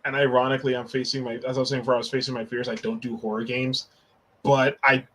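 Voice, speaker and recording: A man's voice: medium pitch, little pitch movement, fast talker, fairly bright tone, a little hiss or hum, poor audio. A man talking casually as a podcast guest, joking and poking fun at himself. He drops into little acted-out quotes while he tells his stories. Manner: joking, self-deprecating, acts out quotes. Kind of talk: casual chat.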